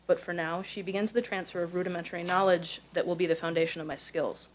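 A woman with a somewhat low voice reads her personal essay aloud at a live event. She tells it carefully and evenly, letting the prose carry it. She grew up in Missouri. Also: steady tone, slight background noise, rough recording. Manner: measured, careful storytelling delivery. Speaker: contest winner reading her own prose.

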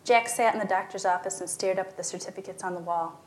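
A woman reading a short story aloud as narrator, shifting her pitch and volume for the dialogue. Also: quick pace, hardly any pauses.

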